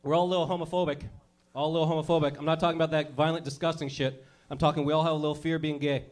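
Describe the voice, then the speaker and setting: A man's voice: on the high side, little pitch movement, racing. A man doing a crude, brash stand-up comedy routine, acting out little scenes as he goes. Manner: crude, brash, acts out characters.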